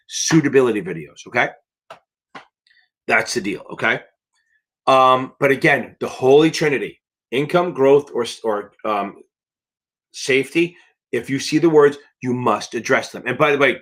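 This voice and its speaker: A man's voice: medium pitch, expressive, normal speed, fairly bright tone. Blunt, emphatic man tutoring live. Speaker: exam prep tutor. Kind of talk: live Q&A stream.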